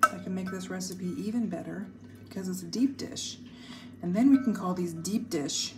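A woman's voice: lowish voice, moderate pace, soft background music. A young adult woman chatting enthusiastically to viewers as she walks through a home baking recipe in her kitchen. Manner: chatty, enthusiastic, talks to viewers while working. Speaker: home cooking vlogger. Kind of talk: casual cooking tutorial. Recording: kitchen clatter and appliance noise.

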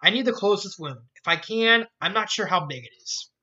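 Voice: mid-range voice, animated, fairly quick, bright, forceful tone, lo-fi sound. A reader voicing a refined, dramatic young lady pony from a fan story, genteel and calling others darling. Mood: anxious, polite. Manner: genteel, says darling and dear.

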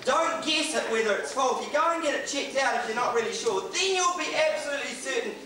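A man with a New Zealand accent preaches a sermon in a church hall, his very high voice expressive and brisk, joking now and then in a conversational way. Crowd noise is audible, and the echoey hall is captured on a distant mic with faint hiss.

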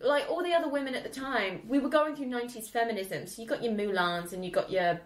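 A woman hosting a film podcast in casual chat, animated and swearing freely as she acts out scenes. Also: a little high, fast talker, roomy sound, slight background noise. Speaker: podcast host.

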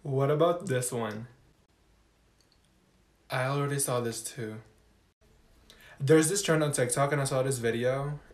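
A man's voice: mid-range voice, roomy sound. A man performing a comedy sketch in which he plays every part himself. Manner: switches fast between sassy students and a teacher. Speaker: comedy sketch creator playing all parts. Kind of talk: sketch comedy, voicing several characters.

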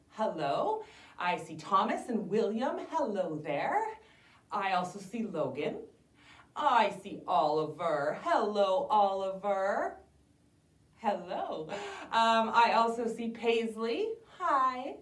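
Animated woman leading a kids' storytime. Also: medium pitch. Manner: cheerful, animated, talks to kids. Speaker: children's storytime host at a library. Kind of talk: online children's storytime with songs and rhymes. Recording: roomy echo, distant mic.

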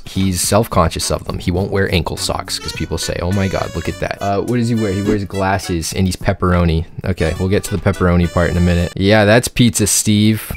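Young guy, low voice, rambling teasing drawing commentary over soft music. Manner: joking, rambling, mock-teasing asides. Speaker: YouTuber drawing subscribers. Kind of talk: casual commentary while drawing.

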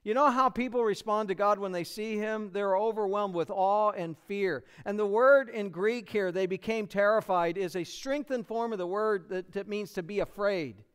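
A man's voice: high-pitched, normal speed, few pauses, clean tone. A man with an American accent, a pastor preaching an expository sermon and acting out the quotes he reads.

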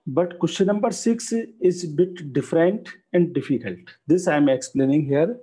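A man, teaching a maths lesson and dictating each step slowly. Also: on the high side, warm tone, slightly rough, low-quality recording.

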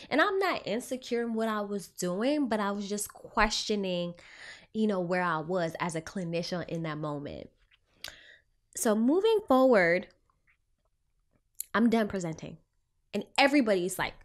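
A young woman who works as a clinician and hosts a podcast, telling a story in a casual, expressive way and acting out her own thoughts. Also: medium pitch. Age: young adult.

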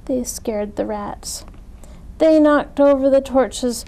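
Slow, expressive woman reading a storybook. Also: a little high, poor audio. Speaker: story reader. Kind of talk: children's storytime read-aloud.

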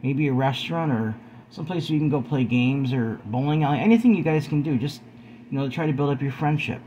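A man's voice: medium pitch, quick pace, warm tone, muffled recording, a little hiss or hum. A man in his forties, talking earnestly to his viewers from home in a preachy vlog, often calling them guys. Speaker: video host. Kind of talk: earnest spoken vlog talk.

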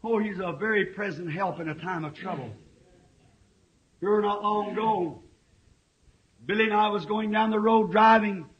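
High-voiced preacher, impassioned, on old tape. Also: male voice, moderate pace, pauses often. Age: 50s. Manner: impassioned, swings to shouting. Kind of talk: fiery sermon. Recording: dull lo-fi old tape recording.

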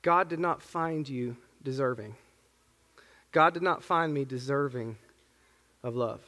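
A man's voice: medium pitch, a little slow, sharp tone. A man in his thirties, a pastor preaching a sermon in an earnest, conversational way with casual asides. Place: church sanctuary. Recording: long church reverb.

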